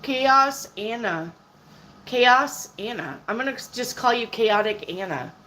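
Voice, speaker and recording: A woman giving casual live-stream tarot readings. She answers viewers' questions out loud and keeps checking in with "okay?", clearing her throat now and then. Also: fairly high pitch, animated, slow, rough recording. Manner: chatty, checks in with "okay?" and "all right?" often; reads viewer questions aloud and answers them. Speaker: tarot reader.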